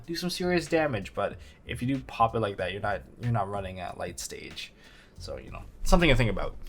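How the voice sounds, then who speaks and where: A man hosting a video, giving casual analysis commentary on a card game with animated, up-and-down delivery and dry sarcastic asides. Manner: animated, jumping between excited highs and low asides.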